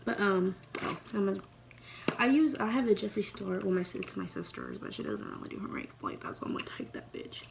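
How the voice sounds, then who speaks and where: Young woman vlogger, gravelly and creaky, playful and profane casual chat, faint noise behind. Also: mid-range voice, fairly quick. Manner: chatty, profane, rambling and playful. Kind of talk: casual sit-down chat while doing makeup. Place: at home.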